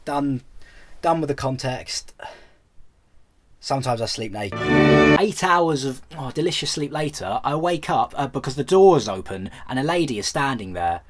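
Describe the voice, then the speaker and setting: A man's voice: mid-range voice, animated, moderate pace, faint music behind. A young British man telling a comic travel story as a vlogger, rambling and self-deprecating, with many false starts.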